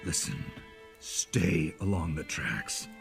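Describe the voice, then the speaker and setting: A gravelly stern guide. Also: male voice, extremely low pitch, expressive, slow, full character voice. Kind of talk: video game voice acting. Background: music.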